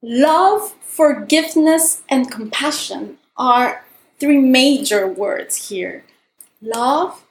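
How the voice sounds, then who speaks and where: High-voiced reflective woman. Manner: gentle, reflective, repeats key words. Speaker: podcast co-host. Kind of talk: self-help talk. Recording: roomy echo.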